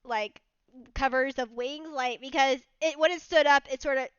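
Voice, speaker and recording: A woman's voice: high voice, steady tone, normal speed, fairly bright tone, no echo. A woman running a tabletop game as game master, narrating in a rambling way full of restarts. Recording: dull lo-fi sound, dry.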